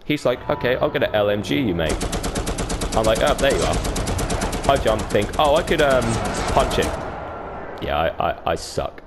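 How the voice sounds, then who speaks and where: A man's voice: mid-range voice, very animated, normal speed, long pauses. A man giving casual, profanity-heavy commentary over his own gameplay, with a laid-back manner. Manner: laid-back, swears a lot, mimics others. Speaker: gaming YouTuber. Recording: noticeable background noise.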